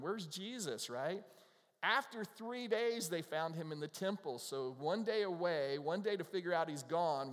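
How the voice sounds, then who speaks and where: A middle-aged man preaching a sermon in a church, his slightly high voice ringing out with a long reverb tail. He talks to the congregation conversationally, sometimes acting out the voices of people in the scripture. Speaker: pastor.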